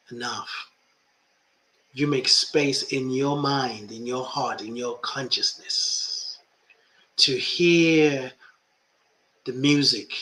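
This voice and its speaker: A man's voice: mid-range voice, pushed and bright. A man who is a life coach and podcast host, talking reflectively about spirituality and often repeating phrases for emphasis.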